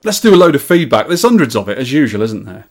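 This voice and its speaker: Podcast guy, husky voice, bouncy up and down, joking around with his cohost. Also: mid-range voice, sing-song, fast talker. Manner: jokey, playful. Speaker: podcast co-host. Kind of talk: casual chat, reading listener feedback.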